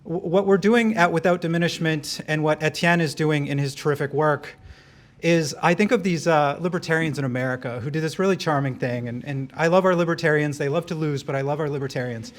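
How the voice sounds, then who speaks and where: Brief: higher-voiced man at a podium mic, wry speaker with jokes and asides. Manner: wry, joking, quick asides. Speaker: event speaker and director of an advocacy group. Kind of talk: live speech to an audience. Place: event room.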